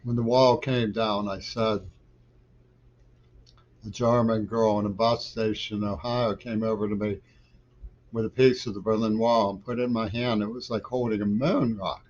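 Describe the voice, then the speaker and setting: A man's voice: lowish voice, fairly even intonation, moderate pace, darkish tone, highs cut off. A middle-aged man, a poet, gives a digressive political monologue with loose trains of thought that grow insistent.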